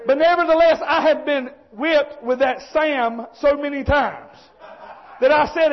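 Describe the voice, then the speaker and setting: A man preaching a fervent, folksy sermon that often rises into shouting. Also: extremely high pitch, a little slow. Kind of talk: fiery sermon. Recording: dull lo-fi sound.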